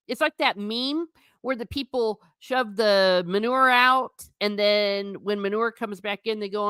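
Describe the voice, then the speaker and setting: A chatty woman hosting a livestream, speaking casually and reading out viewer comments as she goes. She talks emphatically and repeats herself for effect, at an ordinary middle pitch. The sound is dry and close, with no room echo. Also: measured pace, fairly bright tone, clean tone. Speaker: livestream host.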